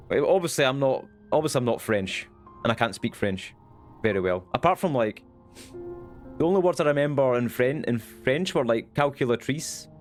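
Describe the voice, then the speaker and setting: A young Scottish man chatting casually on his live stream, rambling and swearing now and then. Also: medium pitch. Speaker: Twitch streamer.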